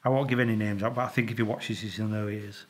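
Animated Yorkshire man telling stories. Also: on the low side, fast. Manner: animated, swears freely, makes sound effects, stumbles and repeats. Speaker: retired traffic police officer. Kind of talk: casual storytelling to camera.

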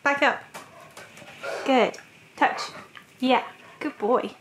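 A woman's voice: high voice, drawn-out words, a bit bright, slight background noise. A woman coaxing her dog through tricks, playful and laughing often, repeating short commands. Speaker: dog owner and trainer. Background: dog sounds.

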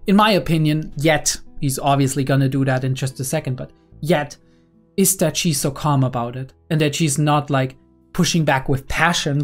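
A young woman and psychology student giving analytical anime reaction commentary, often checking in with "right?". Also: low voice. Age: young adult.

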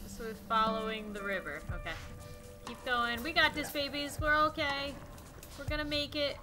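A young woman commentating a game she plays, swinging between quiet sad musing and shrieking panic. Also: high voice, steady tone, normal speed. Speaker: gaming YouTuber. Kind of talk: let's play commentary. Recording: game music playing underneath.

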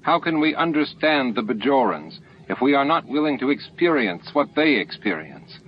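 A man voicing a timid but determined alien who speaks gently and earnestly, on a lo-fi recording with faint hiss. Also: mid-range voice, sing-song, normal speed, pitched above the performer's own voice, close to an everyday voice. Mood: resolute.

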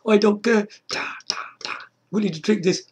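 A man making an excited casual video, beatboxing between lines and breaking into high shouts. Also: moderate pace, slightly rough. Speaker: YouTuber.

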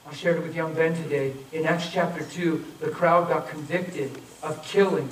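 A man preaching a sermon, telling a story and acting out the voices in it, then softly pleading with people to come forward. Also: a little high, fairly even intonation, moderate pace. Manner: storytelling, acts out quoted voices, urgent then soft pleading. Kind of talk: sermon with altar call. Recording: echoey, from far off, faint noise.

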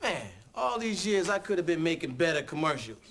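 Cocky flirty ad guy, lively high voice, hissy sitcom audio. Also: brisk.

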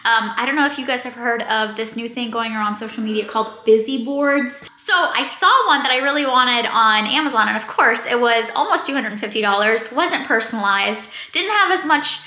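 A young woman with a high, bright, lively voice chats proudly about a homemade project. The sound is roomy with faint noise behind her, recorded indoors at home. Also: normal speed, hardly any pauses. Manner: proud, chatty, playful with a child. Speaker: vlog co-host. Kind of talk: casual vlog chat.

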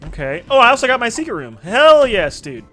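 Gaming creator, man, high bright voice, cursing and laughing through his run, faint game music underneath. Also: very animated, fairly quick. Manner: swears freely, laughs often, talks to viewers. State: recently woken up. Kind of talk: casual gameplay commentary.

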